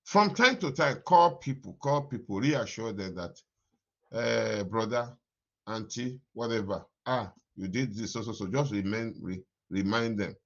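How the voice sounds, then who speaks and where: A man preaching an animated morning devotion sermon as pastor, repeating his phrases and laughing often. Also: on the low side, unhurried, highs cut off.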